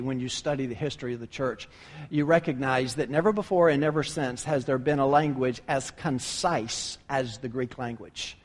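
A man preaching a sermon with emphatic delivery, rising to loud peaks and dropping low. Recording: long hall reverb.

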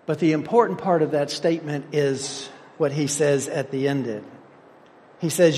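A man's voice: on the high side, moderate pace, long reverb tail. A man preaching a sermon, stressing his points with rising emphasis and quoting scripture figures. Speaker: pastor.

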